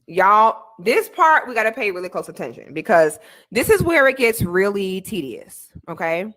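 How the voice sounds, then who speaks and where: A young woman streamer telling a story as she reacts to a clip, expressive and laughing as she acts out what people said. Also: medium pitch, normal speed. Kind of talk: animated storytelling commentary.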